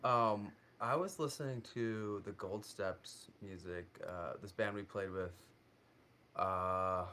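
Quiet band guest, a deep-voiced man, halting, a little off-mic. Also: a little hiss or hum. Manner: hesitant, halting. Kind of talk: casual podcast chat.

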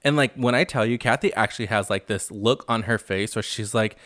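A man's voice: fairly low pitch, brisk, fairly bright tone, dry recording. Man, podcast host, gossipy recap, sassy and blunt, dry close sound. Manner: chatty, frequent "like", blunt and sassy asides.

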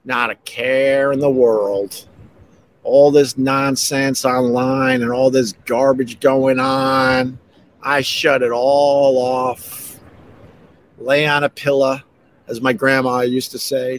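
A man's voice: medium pitch, level tone, slow pace. A middle-aged man, casually telling a long rambling story as a podcast host, laughing between phrases and restarting sentences. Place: outdoors near a beach with waves and birds.

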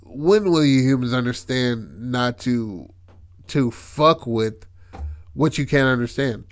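A killer robotic koala, cold and vengeful, that drags out every word to threaten the humans it has trapped, voiced by a man. Its voice sits at an ordinary middle pitch and never rushes. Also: lightly acted. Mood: menacing.

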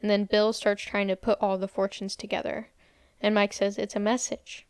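This is casual movie recap storytelling from a young female podcast co-host who quotes characters and leans heavily on "like." Her medium-pitched voice has a clean tone and flat delivery at normal speed. The recording is dry and studio quality.

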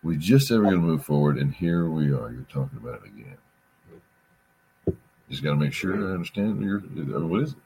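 A man's voice: low voice, sing-song, moderate pace, long pauses, mellow, slight background noise. A man chatting casually on a podcast, rambling through a story, repeating himself and swearing. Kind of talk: casual chat.

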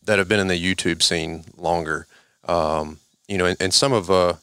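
A man's voice: sits low, steady tone, moderate pace, a bit bright, smooth, no echo, studio quality. A man guest on a podcast, talking from home in a rambling way with many fillers. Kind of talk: casual chat.

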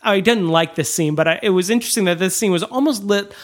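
A man co-hosting a casual film discussion, animated and acting out quoted lines. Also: high voice, fast talker. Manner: animated, acts out quotes in changed voices. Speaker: podcast co-host.

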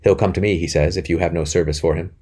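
A man reading the part of a fervent, secretive young gentleman conspirator in an audiobook. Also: sits low, steady tone, fast, breathy edge. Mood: urging. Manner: urgent, hushed, then fierce.

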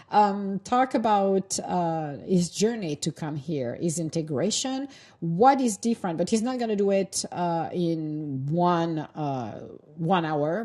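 Woman, talk show host, rambling and chatty, laughs a lot, mellow warm tone. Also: lowish voice. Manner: rambling, chatty, laughs often, loose grammar. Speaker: host of a live audio talk room. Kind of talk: casual chat.

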